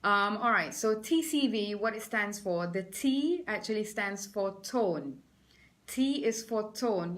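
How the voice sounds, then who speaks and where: Pausing to welcome viewers by name, this presentation skills trainer delivers an energetic webinar lecture. She's a middle-aged woman with a Malaysian accent and a voice that sits in the middle range.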